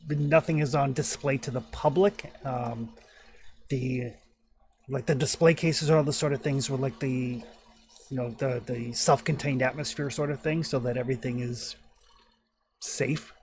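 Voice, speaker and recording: A man's voice: mid-range voice, steady tone, normal speed, a little mellow. A man running a tabletop horror game as game master, describing scenes with many hesitant fillers.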